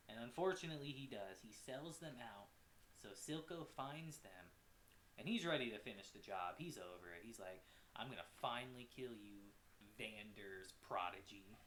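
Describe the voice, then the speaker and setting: A man giving a casual, animated recap of a show episode as a reviewer, with swearing and quick asides. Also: medium pitch, reverberant, a little hiss or hum. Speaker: anime reviewer.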